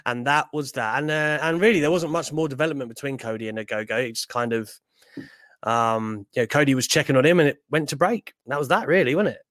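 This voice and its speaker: A man co-hosting a casual wrestling chat, animated and jokey, with bursts of mock indignation. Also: medium pitch, fast, no echo. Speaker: podcast co-host.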